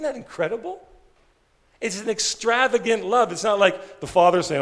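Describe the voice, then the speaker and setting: A male pastor preaching a sermon with animated storytelling, dropping his voice low for emphasis. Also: fairly quick, long reverb tail.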